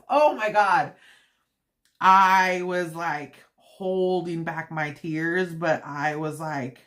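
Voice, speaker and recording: A woman's voice: sits low, fairly bright tone. A woman hosting a live stream, chatting casually and venting in a rambling way with many fillers. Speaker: channel host.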